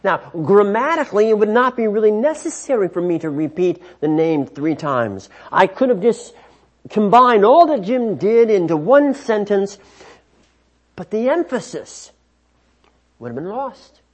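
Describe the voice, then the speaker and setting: High-voiced, husky, slow Bible teacher man. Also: very animated. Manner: measured, emphatic explaining with frequent restarts. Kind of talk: scripture teaching. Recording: dull lo-fi recording.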